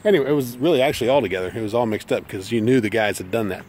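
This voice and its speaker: A man's voice: medium pitch, rapid-fire, a little mellow, slight background noise. A middle-aged man telling a personal story in a folksy, self-deprecating way, outdoors. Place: outdoors by an old school building.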